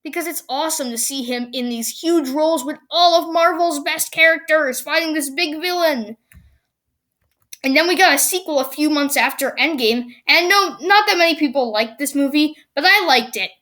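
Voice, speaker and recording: A woman hosting her own vlog channel, talking excitedly about movie predictions and often stumbling and restarting her sentences. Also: high-pitched, moderate pace. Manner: excitable, rambling with many restarts. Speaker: YouTube channel host.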